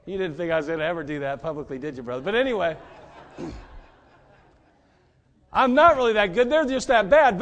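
A middle-aged man preaches a sermon with a high voice. He talks in a folksy, easygoing way, dropping joking asides. He keeps hammering home the same rhetorical questions. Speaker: pastor.

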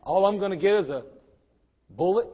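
A middle-aged man preaching a sermon in a church as pastor, swinging from fervent shouts to hushed, intimate tones. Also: high-pitched, expressive, normal speed. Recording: dull lo-fi sermon recording.

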